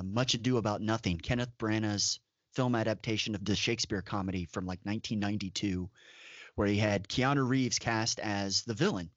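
A man's voice: lowish voice, a bit bright, no echo. A man co-hosting a casual podcast chat, talking in an opinionated way with emphatic asides. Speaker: podcast co-host. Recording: dull, dry lo-fi audio.

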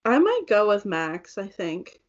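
At a medium pitch with huge swings up and down, a young woman talks a little slowly while co-hosting a casual makeup chat. She's chatty and uses "like" constantly, on a dull lo-fi recording.

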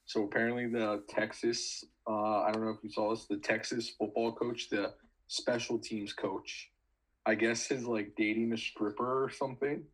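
A young man with a low voice co-hosts a casual sports podcast. He tells his stories in a laid-back, easygoing way and laughs easily. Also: flat delivery, normal speed, slightly rough, rough recording. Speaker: podcast co-host, recruiting coach.

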